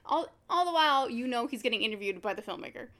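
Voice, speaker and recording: A fairly high-voiced woman talking casually with friends. She tells a story with lots of energy and acts out the quoted lines along the way. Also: quick pace. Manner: animated storyteller, acts out quotes, laughs often. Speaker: podcast co-host. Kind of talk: casual chat, recapping a true crime show.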